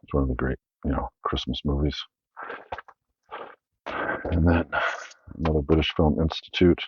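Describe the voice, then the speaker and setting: A man's voice: very deep voice, steady tone, moderate pace, long pauses, husky, dry recording, dull audio. A Canadian man hosting his own channel, casually rambling through his film collection with many fillers and self-corrections.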